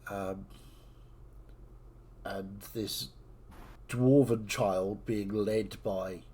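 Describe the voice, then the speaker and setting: A man's voice: fairly low pitch, fairly even intonation, extremely slow, mellow, a little hiss or hum. A man narrating a tabletop game as its game master, in easygoing talk with plenty of fillers.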